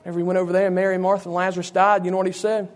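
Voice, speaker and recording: A man's voice: high voice, level tone, racing. A man preaching a sermon as pastor, calling out rhetorical questions to his church.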